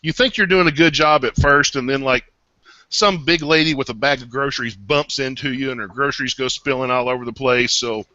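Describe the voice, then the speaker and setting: A man's voice: mid-range voice, a little fast, bright, forceful tone, no echo, muffled recording. A man narrating as game master in a tabletop game, describing scenes in a casual storytelling way.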